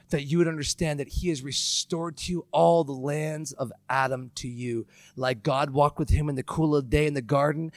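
A man's voice: mid-range voice, no echo. A male pastor preaching an impassioned, emphatic sermon, mixing scripture with casual slang.

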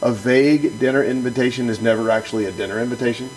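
A man's voice: mid-range voice, fairly even intonation, quick pace, a little hiss or hum, low-quality recording. A man who is a pastor co-hosting a podcast, reading from a book and then talking it over in an earnest, emphatic way, often restarting and repeating words.

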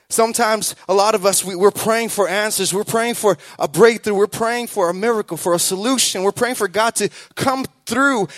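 High-voiced man preaching emphatically. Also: no room sound. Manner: emphatic, repetitive, builds to loud exhortation; acts out quoted voices in the telling. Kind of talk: sermon.

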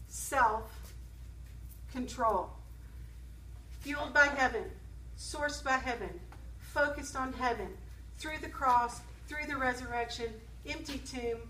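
A woman delivers an emphatic sermon, repeating phrases and checking in with her listeners. Her voice sits high and lively. It carries through a reverberant room, picked up from some distance with faint background noise. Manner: emphatic, repeats key phrases, asks the audience questions. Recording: echoey room, speaker away from the mic.

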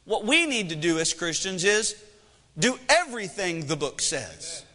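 A man in his thirties preaches with a high, bright, forceful voice, mixing humor and pointed questions. The sound carries a long reverb from a church hall. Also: sing-song, a little slow. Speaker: pastor. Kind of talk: sermon.

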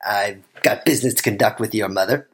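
A woman's voice: extremely low pitch, fairly quick. A woman playing a smug male farmer who sells to visitors in a hammy, sly way, in a comedy improv sketch. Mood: salesy. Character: smug male farmer brother, showy fake humility.

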